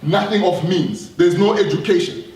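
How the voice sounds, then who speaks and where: A man's voice: high-pitched, moderate pace, darkish tone. A man giving an earnest live talk to an audience, often repeating himself and putting questions to the room. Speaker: speaker addressing an audience. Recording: roomy hall, distant mic, faint noise.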